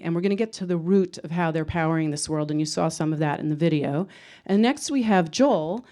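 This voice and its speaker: Woman moderator at a conference, smooth clear voice, a bit low, chatty and explaining stuff. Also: darkish tone. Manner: conversational, explanatory, some fillers. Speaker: panel moderator. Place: conference venue with a live audience.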